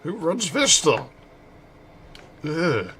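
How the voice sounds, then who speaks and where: A man's voice: on the high side, sing-song, very slow, sharp tone, slight background noise. A man giving joking, rambling commentary while playing a game. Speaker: streamer. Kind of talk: casual gameplay commentary.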